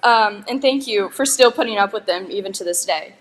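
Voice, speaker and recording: A woman's voice: mid-range voice, a little fast. A young woman, a graduating valedictorian, giving a chatty, joking commencement speech with giggling asides. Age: young adult. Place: school graduation ceremony.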